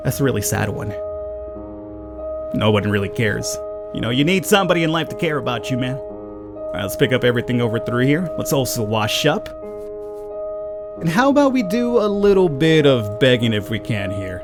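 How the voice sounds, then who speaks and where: A man with a low voice giving rambling, casual commentary on a game he is playing, and chatting to the characters on screen. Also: very animated, moderate pace, pauses often, over music. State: panicked, high and urgent. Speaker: let's play gamer.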